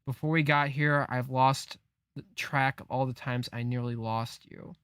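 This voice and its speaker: A man reading the lines of a determined young woman who is leaving the boy she raised, in a slow, earnest delivery. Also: mid-range voice, fairly even intonation, fairly bright tone, clean tone, dry recording, clean studio sound, close to an everyday voice.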